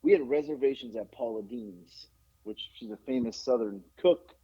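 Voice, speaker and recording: A middle-aged man hosting a podcast, telling a story in casual chat, animated and profane with lots of fillers. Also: mid-range voice, normal speed, slightly rough. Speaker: podcast host. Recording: dull lo-fi podcast recording.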